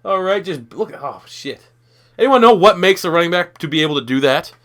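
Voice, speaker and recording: Profane young gaming commentator. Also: male voice, fairly high pitch, animated, a little fast, a bit bright. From Canada. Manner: loose, profane, rambling and self-deprecating. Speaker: gaming YouTuber. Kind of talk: casual gameplay commentary.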